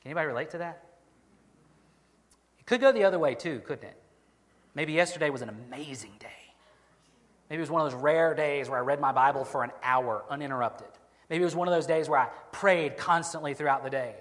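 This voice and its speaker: A man preaching a sermon as pastor, earnest, slowing down to stress key phrases. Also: on the high side, a bit bright, in a large hall.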